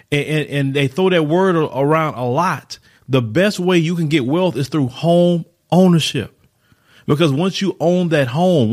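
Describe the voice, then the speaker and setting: Male podcast host, slightly high voice, emphatic and repetitive opinion delivery. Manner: emphatic, repeats words for stress, asks rhetorical questions. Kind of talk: opinion monologue.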